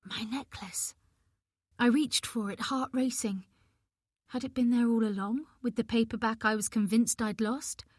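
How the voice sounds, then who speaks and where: A woman's voice: a little high, steady tone, unhurried, dry recording, studio quality. A woman narrating a domestic thriller in the first person, with a tense, emotional delivery. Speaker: audiobook narrator.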